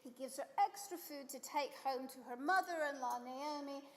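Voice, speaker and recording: A high-voiced woman leads a text study, lively and animated, throwing herself into the quotes. Her voice carries with a long reverb, as in a large hall. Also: normal speed. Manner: animated, acts out quotes with sudden pitch jumps. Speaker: rabbi teaching a study session. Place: synagogue hall.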